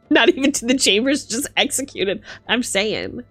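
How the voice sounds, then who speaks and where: A young woman streamer chatting casually with her viewers, animated, laughing and swearing freely. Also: fairly high pitch, unhurried, soft background music. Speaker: livestreamer.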